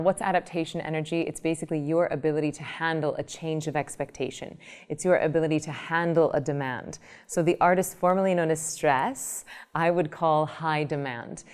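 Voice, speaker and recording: A woman meditation teacher explaining her ideas in an interview, telling lively everyday examples. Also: deep voice, smooth. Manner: animated storytelling, explanatory. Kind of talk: interview answer with acted examples.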